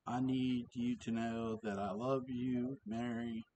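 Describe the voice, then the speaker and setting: A man's voice: medium pitch, fairly even intonation, a little hiss or hum, natural voice. A man reading as a weak, dying young man. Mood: tender. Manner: quiet, unhurried reading. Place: home with cats around.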